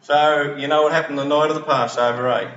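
A man's voice: a little high, fairly even intonation, brisk, fairly bright tone, echoey room, far from the mic, highs cut off, a little hiss or hum. A middle-aged man preaching a sermon in a conversational storytelling way, acting out quoted voices. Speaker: preacher and school teacher.

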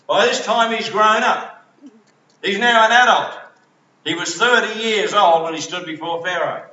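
A man's voice: a little high, sharp tone, roomy sound, recorded from a distance, muffled recording. A middle-aged man preaching a sermon in a conversational storytelling way, acting out quoted voices. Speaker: preacher and school teacher.

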